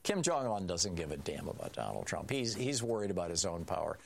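A man's voice: sits low, big pitch swings, brisk, creaky, a little hiss or hum. A man hosting a political call-in radio show, speaking in a sarcastic, conversational way and often restarting his sentences. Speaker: radio talk show host.

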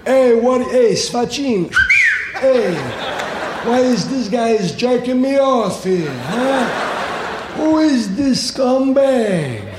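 A man voicing a brash male street tough who sneers, drawing his words out slowly and loudly. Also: very high-pitched, big pitch swings, reverberant, heavy background noise, voice pushed up, exaggerated voice. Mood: scornful. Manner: slow, drawn-out, loud, sneering.

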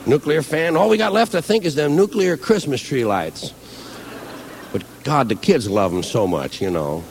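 A man doing a stand-up comedy routine, telling rambling, profane, animated stories. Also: on the high side, normal speed, in a large hall, slight background noise.

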